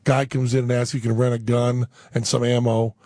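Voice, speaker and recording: A man's voice: mid-range voice, level tone, brisk, warm tone, dry recording. A man in a radio studio telling a comic story, mock-earnest and chatty, acting out both sides of the dialogue. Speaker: studio guest.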